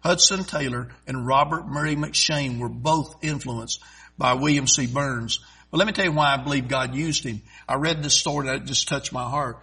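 A middle-aged man preaching a sermon in a folksy, emphatic way, swelling loud and stretching out key phrases. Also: mid-range voice, normal speed, gravelly, breathy edge, rough recording.

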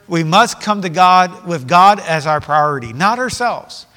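Impassioned preacher man, high bright voice. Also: lively intonation, measured pace. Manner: impassioned preaching, rising and falling in force. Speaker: pastor. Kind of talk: sermon. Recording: long hall reverb.

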